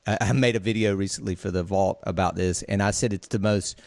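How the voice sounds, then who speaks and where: Laid-back man, lowish voice. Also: steady tone, brisk, gravelly, darkish tone, dry recording. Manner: laughs often, casual, swears lightly. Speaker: DJ and podcast co-host. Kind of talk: casual podcast chat.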